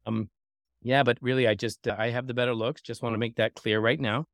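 A man's voice: medium pitch, fairly even intonation, brisk, no room sound, clean studio sound. A man in his fifties, a podcast guest who teases and jokes in casual talk. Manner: teasing, jokey.

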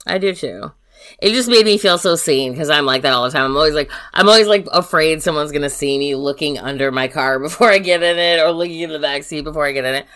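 A woman co-hosting a casual chat show, telling stories in an animated way, full of "like" and swearing. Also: deep voice, fast talker. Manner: animated, swears freely, many likes. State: burnt out. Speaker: podcast co-host.

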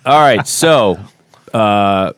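A low-voiced man hosts a podcast in a loose, joking chat. He talks in animated bursts with quick asides. The sound is close and dry. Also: smooth, no echo. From United States. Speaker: podcast host. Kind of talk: casual chat.

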